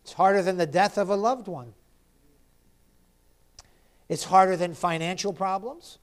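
A male pastor with a notably high voice delivers an impassioned sermon. He climbs to fervent cries, then sinks to near-whispered pleas to his listeners. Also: unhurried. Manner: impassioned preaching, rising to cries then dropping to hushed appeals.

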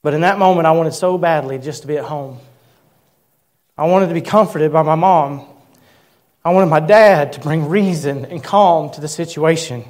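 A male pastor in his thirties with a somewhat high-pitched voice, preaching. He tells a personal story in an earnest way and slows down to stress important words. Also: a little mellow. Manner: earnest storytelling, slowing for emphasis. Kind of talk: sermon.

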